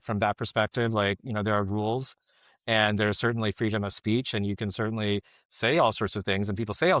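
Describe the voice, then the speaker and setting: A man's voice: fairly low pitch, a bit bright, dry recording, clean studio sound. A middle-aged man giving casual podcast commentary, rambling and filling his talk with "like, you know".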